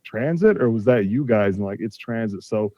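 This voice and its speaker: A car collector in his forties, appearing on a podcast, animatedly retells a dispute at a moderate pace, acting out quoted exchanges in a casual storytelling style. His voice is fairly low and dark in tone. There is no echo, and the recording sounds slightly dull and dry.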